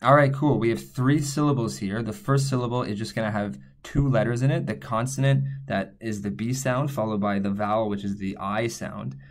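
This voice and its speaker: A man teaching Korean letters, patiently explaining each step as he writes them out. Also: fairly low pitch. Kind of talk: whiteboard writing lesson.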